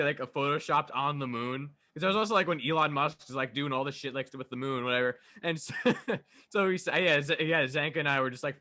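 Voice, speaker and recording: A bright, slightly high-voiced young man co-hosting a casual chat with friends. He chimes in playfully, laughs a lot, and jumps in with quick corrections. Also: no echo. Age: young adult. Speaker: podcast co-host.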